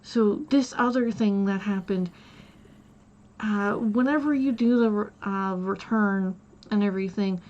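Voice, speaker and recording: A woman's voice: mid-range voice, darkish tone, dull audio. A woman streamer casually retelling a story from her day, rambling and quoting the back-and-forth with many "I was like" asides. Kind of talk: casual storytelling while gaming.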